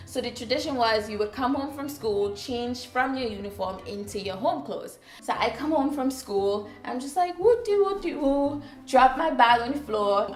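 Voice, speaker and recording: A woman's voice: on the high side, echoey room. A woman from Trinidad with a Trinidadian accent, telling a casual storytime with chatty, sassy asides to viewers. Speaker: vlogger.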